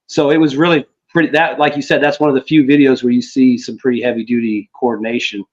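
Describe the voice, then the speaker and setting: A man's voice: mid-range voice, little pitch movement, fast talker. A man chatting casually about world politics on a podcast, rambling and piling on fillers as he goes. He swears offhandedly and keeps circling back to his point. His audio comes through a bit dull and lo-fi. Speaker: podcast co-host.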